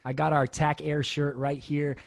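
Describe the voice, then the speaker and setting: Man, host, casual storytelling, lively, laughs often. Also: on the high side, normal speed, creaky. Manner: animated, laughs often, acts out quotes. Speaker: podcast host, former Navy special operator.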